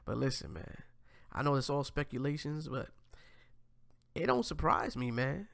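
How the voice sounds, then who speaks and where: A man talks through clips on his commentary show, speaking straight to his viewers in slangy, profane language. His voice is gravelly and swoops up and down with animated pitch. The recording is dry and close, with no room sound. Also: moderate pace, dry recording. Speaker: host. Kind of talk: casual commentary reacting to clips.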